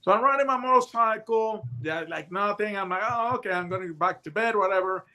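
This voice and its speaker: A man in his sixties, a retired hostage negotiator, telling stories in a casual, animated way and acting out the voices in them. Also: sits high, fairly quick. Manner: animated storyteller who acts out voices in his tales. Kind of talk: casual anecdotal storytelling.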